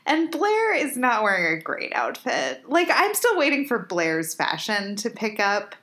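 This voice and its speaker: A woman in casual chat as podcast co-host, animated and laughing, acting out quotes from the show. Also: a little high, measured pace.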